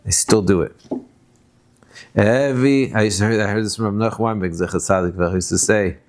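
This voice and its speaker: A man, a rabbi, giving a conversational Torah lecture. He sprinkles in Yiddish and Hebrew terms and acts out quotes with sudden high bursts. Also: a little fast.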